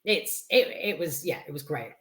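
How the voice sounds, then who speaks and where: A woman's voice: low-pitched, lively intonation, moderate pace. A woman giving a casual, enthusiastic film review, rambling and hesitant with lots of fillers, restarts and casual swearing. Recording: roomy echo.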